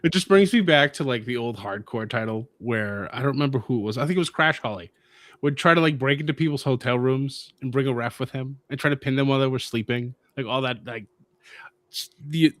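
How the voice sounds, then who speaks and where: A man's voice: medium pitch, fairly quick, fairly bright tone, no echo. A man co-hosting a live wrestling stream, explaining titles and matches in casual chat. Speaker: podcast co-host.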